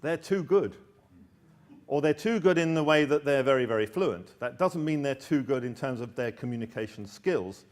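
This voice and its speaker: A man's voice: mid-range voice, animated, moderate pace. A middle-aged man giving a presentation about a course book, talking with many restarts and repeated words. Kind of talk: presentation talk.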